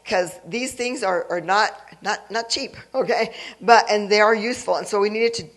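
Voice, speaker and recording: An event emcee in a church hall introduces the keynote speaker at a gala, speaking eagerly but haltingly and restarting often. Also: medium pitch, fairly bright tone.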